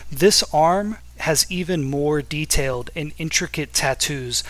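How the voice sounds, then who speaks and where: A man's voice: a little high, a little slow, fairly bright tone. A man narrating a tabletop role-playing game as game master, casual and loose with filler words.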